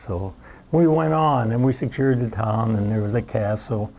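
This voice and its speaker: Elderly male veteran, mellow darkish tone, meandering storyteller who plays out the moments. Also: mid-range voice, normal speed, poor audio. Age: 90s. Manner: rambling storyteller who acts out the scenes. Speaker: veteran recounting war memories. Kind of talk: spoken war reminiscence at a roundtable.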